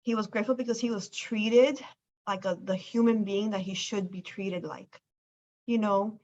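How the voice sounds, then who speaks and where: A woman's voice: medium pitch, fairly even intonation, normal speed, a little mellow. A woman hosting a casual chat about a weight loss program, telling a client story in an emphatic, enthusiastic way. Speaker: weight loss clinic host. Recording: dull lo-fi sound.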